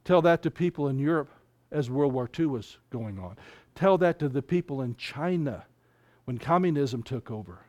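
A man preaching a fervent sermon, reading scripture aloud and speaking in quick bursts. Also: mid-range voice, expressive, darkish tone, lo-fi sound. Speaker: pastor.

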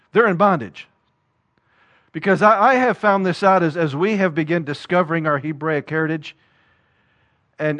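A man's voice: on the high side, fairly bright tone. A man preaching a sermon, reading scripture and acting out voices with questions to the congregation.

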